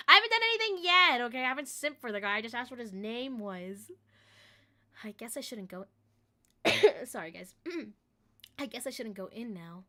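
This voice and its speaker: A woman's voice: a little high, moderate pace, pauses often. A woman game streamer who jokes, laughs often and reads the story text aloud.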